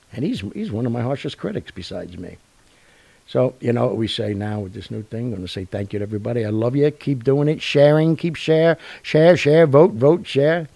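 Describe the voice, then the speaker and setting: A man's voice: medium pitch, creaky, breathy edge, no echo. A man hosting a live online show, rambling and joking in casual chat. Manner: rambling, jokey, with fillers and laughs. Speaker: show host.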